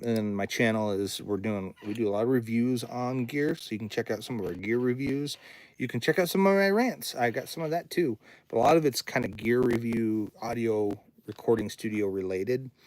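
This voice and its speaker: A man's voice: medium pitch, brisk, darkish tone. A man who runs a recording studio, chatting casually on a livestream, rambling and reading viewer comments aloud in his home studio.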